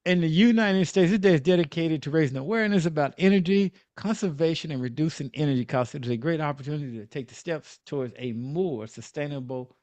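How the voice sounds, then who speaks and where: A man's voice: on the high side, quick pace, hardly any pauses, a little mellow, dry recording, dull audio. A man hosting a casual podcast, reading out the day's observances and joking about them. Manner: joking, reads day listings aloud. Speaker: podcast host.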